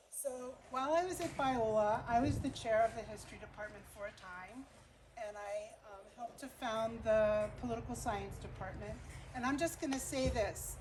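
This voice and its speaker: A middle-aged woman speaks earnestly about her book, with a preacherly, lecturing cadence. Her voice sits a little high for a woman. Steady background noise is audible throughout the recording. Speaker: author giving a book talk. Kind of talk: lecture-style book talk. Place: bookstore event room.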